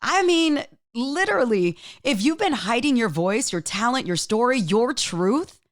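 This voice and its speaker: Speaking at a measured pace, this woman hosts her own podcast and addresses the listener directly with earnest, emphatic motivation until she gets choked up. Her fairly high voice sounds animated, and the studio audio is clean with no room sound.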